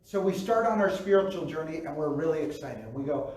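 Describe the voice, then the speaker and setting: Pastor, male, chatty preacher who acts out reactions; fairly high-pitched, recorded far off in a very reverberant hall. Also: lively intonation, brisk, a little mellow. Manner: conversational, acts out quoted reactions, frequent "right?". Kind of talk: sermon. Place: church sanctuary.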